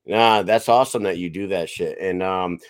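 A man co-hosting a podcast in casual chat, telling stories in an animated, profane way. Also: deep voice, normal speed, dry recording, studio quality. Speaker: podcast co-host.

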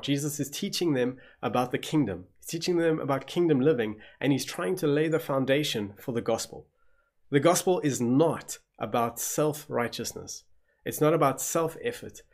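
A man with a South African accent preaching a sermon as pastor, telling the story vividly and acting out gasps of shock. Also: mid-range voice.

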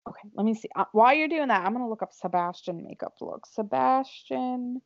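A young woman co-hosting a casual makeup chat, excitable and bubbly, on a dull lo-fi recording. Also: fairly high pitch, gravelly. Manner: excitable, bubbly, quick to laugh. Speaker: co-host.

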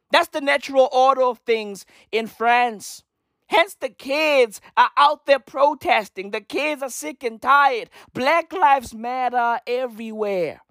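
A man's voice: very high voice, fairly bright tone, no echo, clean studio sound. A man podcaster delivering a profane, emphatic rant, repeating his points over and over. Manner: emphatic, repetitive, heavy swearing. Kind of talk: profane ranting commentary.

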